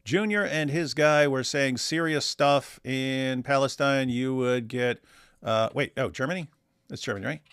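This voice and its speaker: Gravelly, wry livestream host. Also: male voice, mid-range voice, measured pace, a bit bright, no room sound, studio quality. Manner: wry, teasing. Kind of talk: casual livestream chat, reading viewer comments.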